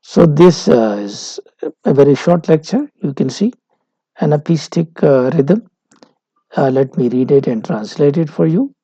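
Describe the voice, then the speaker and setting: Gravelly-voiced lecturer, dull recording. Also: male voice, fairly high pitch, lively intonation, warm tone, no echo. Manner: measured, explanatory, frequent "uh" fillers.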